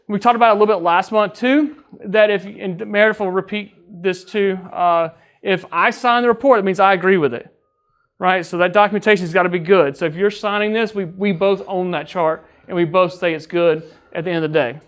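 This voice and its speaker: A man with a fairly high voice gives an easygoing training talk to his crew. He keeps it conversational and teasing, often tossing in a quick "right?" to check they are following. He sounds like a training officer talking with colleagues, not reading a script. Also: steady tone. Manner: jokes with the crew. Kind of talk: casual training lecture.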